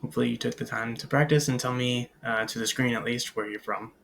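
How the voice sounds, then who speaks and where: Gravelly man teaching French vocabulary. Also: medium pitch, fairly even intonation, quick pace, fairly bright tone, slight background noise. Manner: explains in English, models French words and phrases aloud, frequent "uh" and "um". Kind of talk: recorded language lecture.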